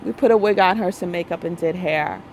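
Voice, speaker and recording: A woman's voice: on the low side, a little fast, a little mellow, slight background noise, low-quality recording. A woman in her thirties talking bluntly and emphatically in a casual monologue, repeating her points and often tagging on "okay?". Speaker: spiritual vlogger.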